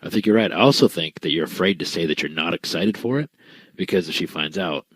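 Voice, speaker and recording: A man's voice: sits low, expressive, fast talker, fairly bright tone, breathy edge, dry recording, poor audio. A man co-hosting a podcast, rambling and teasing in a laid-back casual chat. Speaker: podcast co-host.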